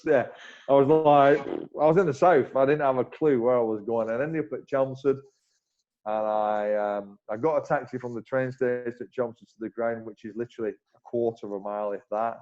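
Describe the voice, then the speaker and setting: A man, a former cricketer as interview guest, telling animated stories with many restarts. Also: medium pitch, a little fast. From Bolton, northern England. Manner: animated anecdotes, frequent restarts, acts out dialogue. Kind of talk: casual interview storytelling. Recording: slightly muffled recording.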